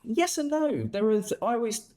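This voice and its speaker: A man's voice: extremely high pitch, moderate pace. Swearing, storytelling bartender man. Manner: swears freely, lively storytelling. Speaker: podcast guest, bartender. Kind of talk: casual interview chat.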